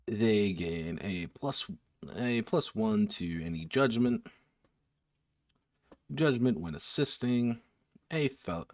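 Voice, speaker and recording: A man streaming while designing a tabletop game, thinking aloud with restarts and self-corrections, a little slurred from drinking. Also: on the low side. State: tipsy from drinking.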